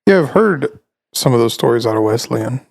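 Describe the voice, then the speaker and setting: A man's voice: mid-range voice, animated, normal speed, creaky, darkish tone, no echo. A man co-hosting a podcast in casual chat, tossing in dry wisecracks and short reactions. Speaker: podcast co-host.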